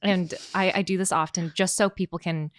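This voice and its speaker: A woman's voice: on the low side, fairly even intonation, a little fast, no room sound, studio quality. A young woman co-hosting a podcast, telling stories in a chatty, playful way. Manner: chatty, playful storytelling with lots of fillers. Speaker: podcast co-host. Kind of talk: casual chat.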